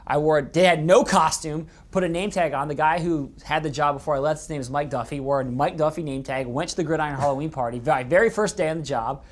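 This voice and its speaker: A man's voice: a little high, fast, hardly any pauses. A young man co-hosting a team podcast in casual chat, laughing easily and teasing his co-host.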